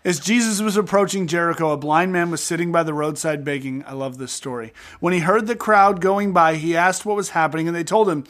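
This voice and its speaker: A man co-hosting a podcast, reading scripture and retelling the stories with animated acted-out voices in a studio. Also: fairly high pitch, normal speed. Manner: animated storyteller acting out scenes. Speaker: podcast co-host. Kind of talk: casual Bible-reading podcast chat.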